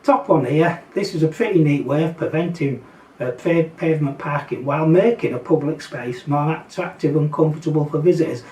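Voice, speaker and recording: Speaking a little fast in a high-leaning, slightly mellow voice, a Yorkshire-accented vlogger from England rambles through a blunt, sarcastic opinion rant with fillers and mocking asides. The audio has roomy echo from a distant mic and slight background noise.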